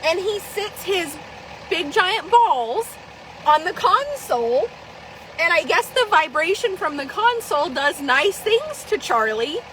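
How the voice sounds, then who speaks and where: High-pitched woman on a live vlog, swears a ton, laughs constantly, super animated. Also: slow pace, slight background noise, poor audio. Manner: swears freely, laughs often, animated storyteller. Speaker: vlogger. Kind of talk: casual live-video chat.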